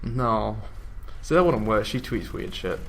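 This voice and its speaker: A man's voice: lowish voice, lively intonation, unhurried, vocal fry, slight background noise. A young man chatting casually as a guest, a little shy. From England. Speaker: interviewee. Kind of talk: casual chat.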